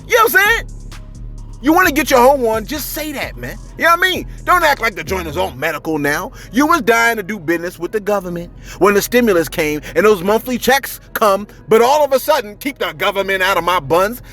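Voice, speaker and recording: A man's voice: fairly quick, soft background music. A man giving casual, slangy celebrity gossip commentary, with big emphatic swings for effect. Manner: animated, slangy, jumping pitch for emphasis.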